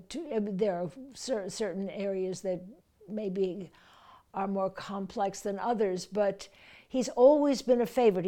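A woman's voice: mid-range voice, warm tone. A woman voice coach explaining how to breathe through verse lines, now and then reading lines aloud with force. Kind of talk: teaching verse speaking with readings.

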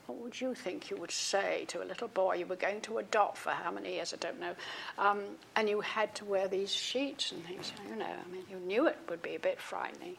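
An older woman with a gravelly, fry-edged voice gives a public talk and reads aloud from her own book. Between passages she breaks off with ums and false starts. Her pitch sits in an ordinary middle range. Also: a little fast, fairly bright tone, slight background noise. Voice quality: frequent ums and restarts between readings. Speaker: author giving a talk.

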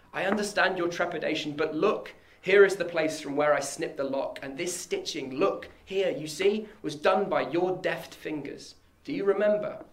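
A man's voice: a little high, voice pushed up, close to an everyday voice. A man voicing a young man who has come home to his sister, earnest and reassuring as he reads a stage scene aloud. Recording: echoey room.

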